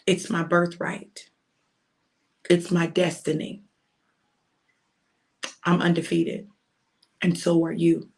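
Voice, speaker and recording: A woman's voice: fairly low pitch, little pitch movement, takes it slowly, gravelly, pauses often. A woman minister preaching informally to her viewers, emphatic and repetitive, with colloquial phrasing. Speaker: minister giving a prophetic message.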